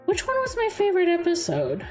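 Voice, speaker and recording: A woman's voice: very high voice, huge pitch swings, a little fast, faint music behind. A young woman streaming and chatting casually with viewers, rambling and giggling as she talks.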